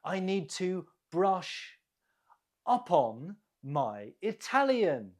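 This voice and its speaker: An English teacher runs a quiz for learners at a very slow, careful pace, saying each word twice. The voice is husky, with a lively rise and fall of pitch. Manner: deliberate, repeats each word, explains stress.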